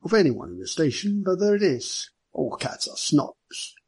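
A man's voice: a little high, very animated, normal speed, a little mellow, breathy edge, no room sound, voice pushed up, exaggerated voice. A man voicing a large, genial police superintendent who speaks courteously.

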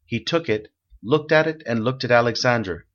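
Male storybook narrator, steady and measured, mid pitch, muffled lo-fi sound. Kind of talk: read-aloud story narration. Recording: dull lo-fi recording.

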